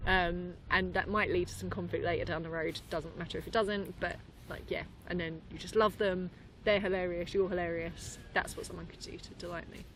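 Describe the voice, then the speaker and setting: A woman's voice: fairly low pitch, fairly quick, few pauses, a little hiss or hum. Chatty laughing woman improviser. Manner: lively, laughing, chatty with many fillers. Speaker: improviser guest. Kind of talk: casual interview chat. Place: London.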